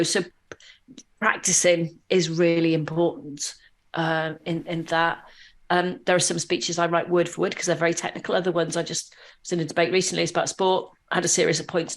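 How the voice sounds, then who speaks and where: A woman guest on an interview podcast, telling lively anecdotes with many fillers and restarts. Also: lowish voice. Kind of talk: conversational interview storytelling.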